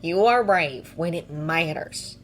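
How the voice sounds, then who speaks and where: A woman voicing a gentle, protective grown man who speaks in a soft, unhurried, comforting way. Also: low voice, animated, slight background noise.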